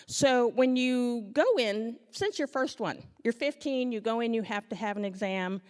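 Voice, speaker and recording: A woman's voice: on the high side, animated, measured pace, darkish tone, long reverb tail. A woman on stage telling a comic story about her own life to a live audience, acting out the scenes with self-mocking humor.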